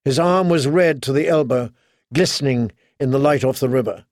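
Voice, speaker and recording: A man narrating an audiobook in steady, dramatic storytelling. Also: medium pitch, moderate pace, no room sound, clean studio sound. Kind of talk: scripted narration.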